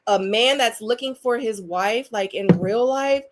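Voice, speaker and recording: Animated woman chatting on a live stream. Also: a little high, a little slow, background noise. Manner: animated, emphatic, repeats words for stress. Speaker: co-host recapping a dating show. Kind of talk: casual live-stream chat.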